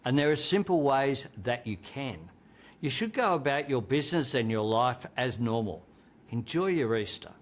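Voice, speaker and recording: An Australian man delivers a formal televised address to the nation. His pitch sits at a middle level, and his reassuring delivery puts stress on odd words. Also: expressive, moderate pace.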